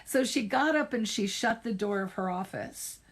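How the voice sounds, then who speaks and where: A middle-aged woman therapist speaking casually on a live stream, telling a personal story and giving advice, unhurried and self-correcting, emphatic on key points. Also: mid-range voice, expressive, husky.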